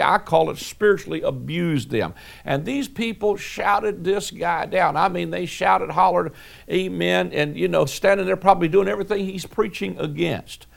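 Gravelly folksy preacher man. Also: a little high. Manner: folksy storytelling with many fillers and restarts. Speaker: pastor. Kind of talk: sermon with personal stories.

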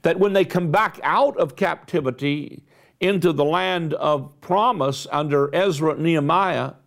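A man's voice: on the high side, unhurried, creaky. A man preaching a sermon, emphatic, repeating and stressing words for effect, with rising bursts of intensity.

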